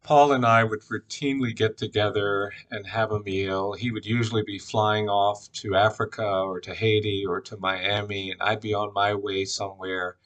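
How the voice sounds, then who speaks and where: A man giving a reflective personal tribute at a memorial, telling a story with frequent pauses and fillers. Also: fairly low pitch, steady tone, a bit bright. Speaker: memorial speaker.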